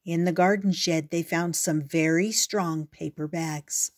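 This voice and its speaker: Older woman reading a storybook slowly. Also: fairly low pitch, fairly even intonation. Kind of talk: reading a picture book aloud.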